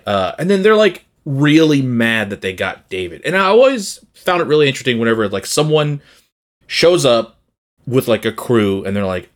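A man co-hosting a podcast in casual chat, animated, laughing and swearing freely. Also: on the low side. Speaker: podcast co-host.

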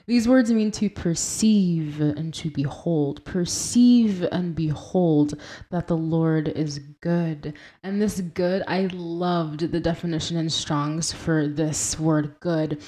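A young woman hosts a faith podcast in a low, mellow voice. She talks earnestly and casually, reading scripture aloud and unpacking its words, now and then laughing at her own pronunciation. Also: steady tone, takes it slowly. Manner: earnest, conversational, quotes and explains scripture. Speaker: podcast host. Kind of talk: Christian devotional podcast talk.

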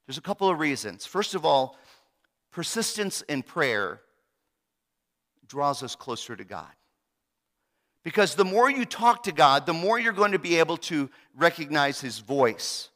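Bright-voiced preacher in a reverberant hall. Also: male voice, fairly high pitch, very animated, measured pace, long pauses. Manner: dramatic, swings between loud and hushed. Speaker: pastor. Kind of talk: sermon.

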